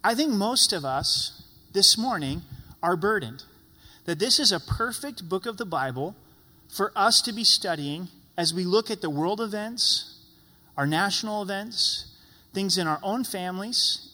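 Pastor guy preaching, highish bright voice, long echo in a church hall. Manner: earnest preaching, voicing prayers as questions to God. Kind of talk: sermon.

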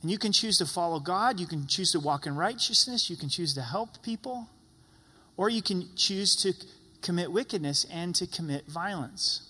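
Male pastor, earnest sermon delivery, bright tone, reverberant sanctuary sound. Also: sits high, lively intonation, moderate pace, husky. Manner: earnest preaching, voicing prayers as questions to God.

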